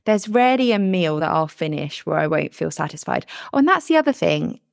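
A woman co-hosting a casual podcast chat as a fitness coach and giving advice in a steady way. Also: fairly low pitch, fairly quick, gravelly, dry recording, clean studio sound. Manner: steady, advising.

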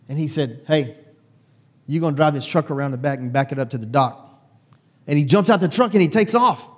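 A man telling a personal story to an audience in a folksy, animated way. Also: on the high side. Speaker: speaker.

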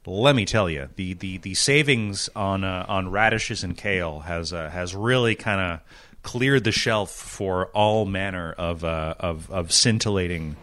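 A man co-hosting a podcast in casual chat, halting with many restarts and joking around. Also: sits low, a bit bright, dry recording. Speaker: podcast co-host.

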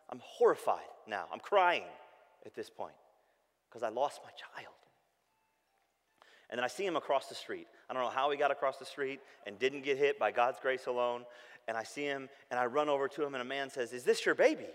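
A man, preaching a sermon with animated storytelling that turns soft and hushed when he reflects. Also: mid-range voice, fairly quick, long reverb tail. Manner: animated storytelling, shouting when acting out calls. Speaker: pastor.

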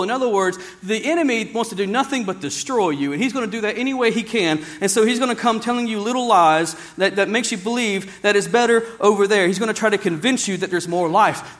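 High-voiced man preaching emphatically. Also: fairly bright tone. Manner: emphatic, repetitive preaching with many restarts. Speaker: pastor. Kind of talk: sermon. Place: church service, also streamed to another campus.

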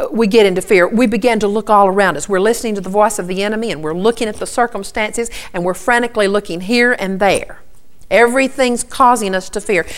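A woman giving an earnest Bible teaching, repeating key points and often starting with "okay". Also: medium pitch.

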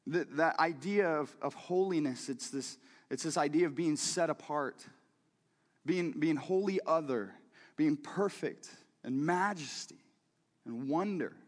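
A man preaching a sermon in a church, talking in a lively, conversational way with frequent restarts and repeated words. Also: a little high, a little slow, in a large hall. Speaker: pastor. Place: church sanctuary.

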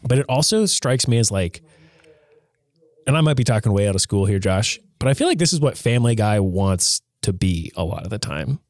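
Low-voiced man chatting casually. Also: animated, brisk, a little mellow, no echo, studio quality. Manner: rambling, retells scenes with acted-out voices. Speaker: podcast co-host. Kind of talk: casual chat.

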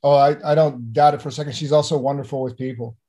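A middle-aged man, an actor, talking in an animated interview, often restarting and repeating words. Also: medium pitch, quick pace. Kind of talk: conversational interview.

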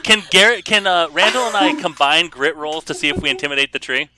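A man's voice: on the high side, expressive, fast, a crowd in the background. A man playing a tabletop game, eager and insistent. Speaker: player.

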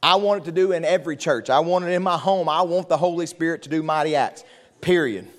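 A man preaching a sermon in a church, fervent and building to shouted call-and-response. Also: fairly high pitch, quick pace. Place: church sanctuary.

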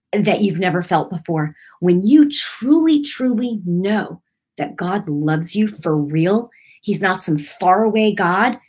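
A woman's voice: mid-range voice, husky. A middle-aged woman giving an informal, earnest sermon. She often checks in with her listeners by asking "right?". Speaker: preacher.

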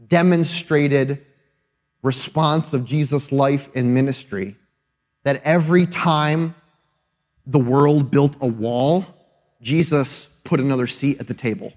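A male pastor delivers his sermon slowly in a mellow, mid-range voice, speaking conversationally and with emphasis. He regularly adds tag questions to check in with listeners.

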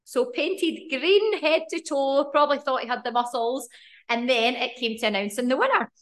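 A woman's voice: sits high, lively intonation, normal speed, fairly bright tone. A young Scottish woman co-hosting a podcast, telling stories in a giggly, bubbly way. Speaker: podcast co-host. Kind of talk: casual chat.

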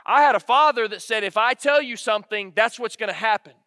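A man preaching with a high, ringing voice. He speaks earnestly and repeats his key lines for weight. The mic is close and dry, but a long hall reverb trails behind each phrase. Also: fairly quick, bright, forceful tone. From Alabama, United States. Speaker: pastor. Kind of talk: sermon.

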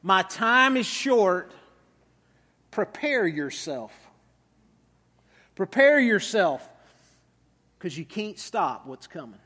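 A man voicing an apostle giving an urgent warning, with slow, solemn emphasis. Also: sits high, big pitch swings, sharp tone, full character voice. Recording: reverberant hall.

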